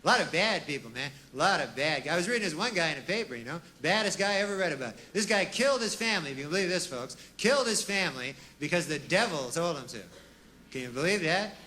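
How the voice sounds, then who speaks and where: A man doing a deadpan, rambling stand-up comedy monologue, full of asides and folksy fillers, on a comedy stage. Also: a little high, fast talker, slight background noise. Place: comedy stage with a live audience.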